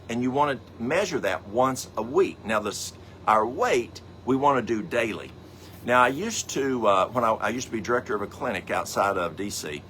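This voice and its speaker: A man's voice: lowish voice, a bit bright, a little hiss or hum. Folksy man teaching health habits. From American South. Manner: folksy, rambling, with asides and acted-out anecdotes. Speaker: health program host. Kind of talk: casual teaching talk.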